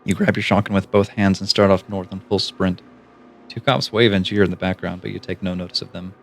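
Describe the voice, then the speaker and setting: A man streaming live, reading a gamebook aloud in hushed, low-key second-person narration. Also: level tone, fairly quick, vocal fry, a little hiss or hum.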